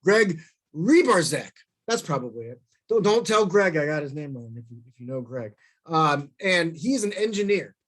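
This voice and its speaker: A man from St. Louis giving a storytelling talk, animated and self-deprecating, acting out quoted lines in bursts. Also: a little high, normal speed. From St. Louis, USA.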